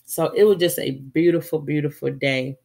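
A woman's voice: deep voice, steady tone, moderate pace, gravelly, darkish tone. A middle-aged woman, stuffy from a cold, chatting casually and rambling as she shows off her holiday gifts, with frequent ums. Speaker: vlogger. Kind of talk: casual holiday haul chat.

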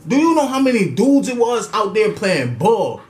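A man's voice: high voice, big pitch swings, normal speed, reverberant. A young man telling a casual story time. His talk is slangy and profane, and he laughs as he goes. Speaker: storytelling vlogger.

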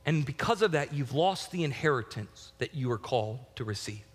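A man preaching a sermon as pastor, telling a personal story with lively shifts from loud, excited bursts to quiet, reflective passages. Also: mid-range voice, a little fast, slightly rough, big-room sound.

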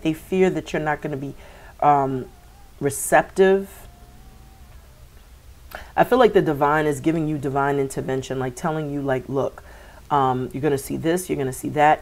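A woman with a low voice gives a tarot reading to her viewers. She wanders from thought to thought, repeating words and filling pauses with "um" and "you know.". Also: a little mellow. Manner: meandering, repeats words, many fillers. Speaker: tarot reader.

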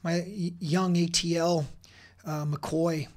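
A man's voice: a little high, little pitch movement, slow. A man in his forties, a podcast guest, telling personal stories in an intense, blunt way, swearing freely and often restarting his sentences. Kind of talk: emotional personal storytelling.

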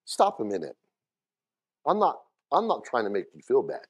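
A male pastor preaching a folksy sermon with cowboy talk. He moves from low, quiet lines to loud shouting. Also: wildly swooping pitch, moderate pace.

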